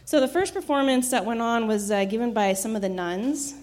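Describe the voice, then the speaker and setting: A woman telling a personal story in a casual, reflective way, with frequent fillers, restarts and soft laughs. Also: on the high side, brisk.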